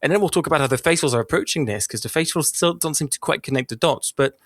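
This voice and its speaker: A young man from North London hosting a casual podcast chat in a playful, animated way. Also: a little high, quick pace, dry recording, clean studio sound. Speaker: podcast host.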